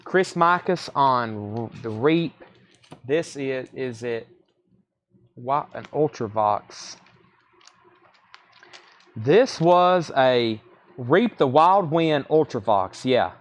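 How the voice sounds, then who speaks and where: A man's voice: medium pitch, expressive, drawn-out words, pauses often. A man hosting a live record sale stream, rattling off titles and prices with casual asides. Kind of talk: live sales stream chat.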